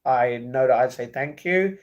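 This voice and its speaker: A man's voice: mid-range voice, measured pace, muffled recording. A man from the UK, hosting a casual livestream and reading viewer comments aloud before answering them, often apologetically, into earbud microphones. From United Kingdom. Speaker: livestream host. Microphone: wireless earbuds.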